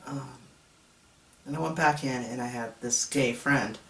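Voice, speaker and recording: A man's voice: medium pitch, measured pace, a bit bright, slight background noise. A man in his thirties telling his own story in a reflective, confessional way. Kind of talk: personal testimony vlog. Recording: echoey room, mic at a distance.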